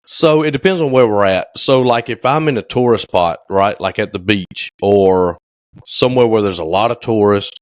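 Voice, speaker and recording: A man with a fairly low voice co-hosts a podcast in casual chat. He rambles through his stories with plenty of fillers. The sound is close and dry. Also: normal speed, no room sound. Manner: rambling storyteller, many fillers. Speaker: podcast co-host.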